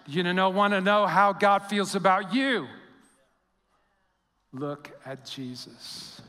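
A man preaching a sermon as pastor, telling stories with animated quoted voices and dropping soft for emphasis. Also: sits high, long reverb tail.

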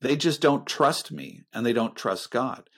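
Earnest pastoral man, soft-spoken. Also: medium pitch, unhurried, gravelly. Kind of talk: reflective faith conversation.

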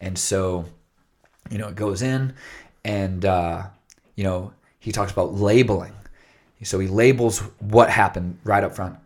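Male podcast co-host, lowish voice, casual storyteller who slips into the voices of the people he quotes. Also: unhurried. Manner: storytelling, acts out quoted dialogue.

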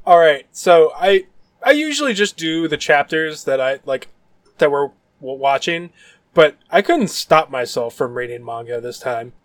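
A man's voice: on the high side, animated, measured pace, no echo. A man co-hosting a casual podcast, jokey with sarcastic asides. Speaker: podcast co-host. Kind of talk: casual chat.

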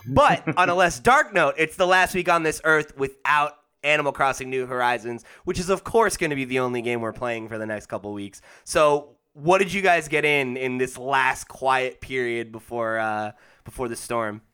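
A man hosting a casual gaming podcast, jokey and energetic, with lots of uh and um fillers. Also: medium pitch, moderate pace, few pauses, clean tone. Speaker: podcast host. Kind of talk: casual podcast chat and plugs.

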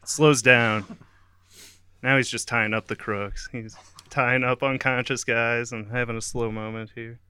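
A man's voice: mid-range voice, steady tone, a little slow, bright, forceful tone. A man giving a playful, giggly play-by-play of an imagined scene, often breaking into laughter. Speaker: comedic narrator. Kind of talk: playful play-by-play over a song. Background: song playing.

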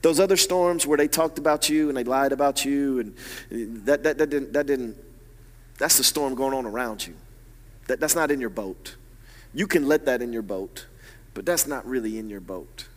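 A man preaching a sermon as pastor, animated and swinging from hushed, low asides to loud, emphatic peaks. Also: normal speed, big-room sound.

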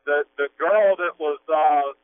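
A man calls in to a radio show and shares what he knows, pausing often to find his words. His voice is somewhat high and comes through a thin, tinny phone line. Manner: hesitant, full of uhs. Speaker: caller. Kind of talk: phone-in call.

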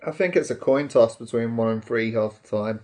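A man's voice: mid-range voice, brisk, warm tone. A man co-hosting a casual chat, talking hesitantly with trailing phrases. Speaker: podcast co-host.

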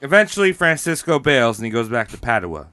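A man's voice: mid-range voice, very animated, brisk, pushed and bright, no room sound, clean studio sound. A man hosting a podcast, telling a history story in a rambling, joking way, often laughing, a little tipsy. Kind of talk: casual comedic storytelling.

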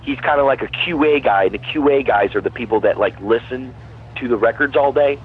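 A husky man on a tinny phone line, talking at a middle pitch. He rambles along casually, circling back and repeating himself as a call-in guest musician. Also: a little fast.

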